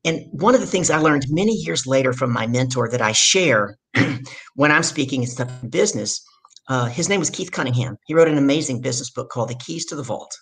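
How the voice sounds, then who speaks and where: A woman from the Deep South, a guest on a podcast, telling her story in a loud, energetic way. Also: brisk, husky. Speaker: guest, leadership coach.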